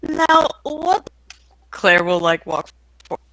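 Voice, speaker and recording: A woman's voice: medium pitch, sing-song, slow pace, fairly bright tone, no room sound, poor audio. A woman playing a tabletop game, bargaining playfully in character. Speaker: player. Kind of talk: tabletop role-play.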